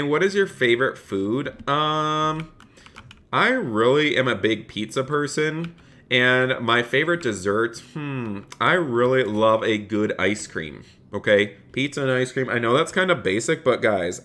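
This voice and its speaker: An upbeat man runs a live game stream, chatting with his viewers as he plays and reading their messages aloud. His voice is bright and forward, sitting in a middle register, with keyboard typing behind him. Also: mid-range voice, expressive, unhurried. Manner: upbeat, reads chat aloud and answers viewers. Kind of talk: live-stream commentary while playing.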